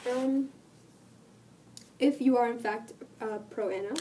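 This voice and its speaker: A woman vlogging while sick, her voice cracking and dropping out, talking earnestly and rambling with many pauses. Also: fairly high pitch, fairly even intonation, warm tone, distant mic, slight background noise. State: sick, voice cutting in and out. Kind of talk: casual talk to camera.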